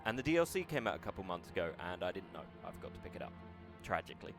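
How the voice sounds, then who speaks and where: A wry man chatting his way through a video game stream, mocking himself and swearing now and then. His voice sits low, and faint game music plays behind him. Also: very animated, rapid-fire. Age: older. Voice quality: wry, self-deprecating, swears casually. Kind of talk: casual gameplay commentary.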